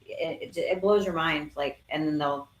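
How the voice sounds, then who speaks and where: A woman's voice: sits low, normal speed. A woman, a cigar business partner, chiming in during casual chat with an incredulous, emphatic retelling. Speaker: cigar company partner, guest. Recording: echoey, from off-mic.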